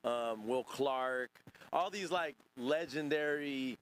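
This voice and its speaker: A man's voice: mid-range voice, slow, fairly bright tone, slight background noise. Profane man hosting a livestream. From Northern California. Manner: profane, rambling, talks to chat. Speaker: podcast host. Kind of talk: casual livestream chat reacting to chat.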